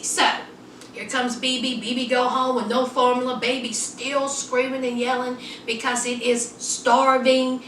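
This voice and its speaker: A woman chatting through a lively, sassy recap of a TV episode, full of asides to the viewer. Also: sits high, echoey room, far from the mic, a little hiss or hum. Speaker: TV episode reviewer.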